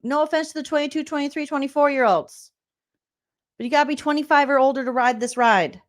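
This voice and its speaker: A comedian in her forties rants quickly in a high-sitting voice, reacting with sarcasm and exasperation and swearing plenty.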